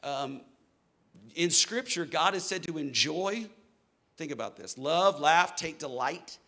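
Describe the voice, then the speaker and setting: A middle-aged man preaching a sermon to a church congregation, swinging from soft, slow lines to loud, fervent ones. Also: a little high, animated. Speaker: pastor.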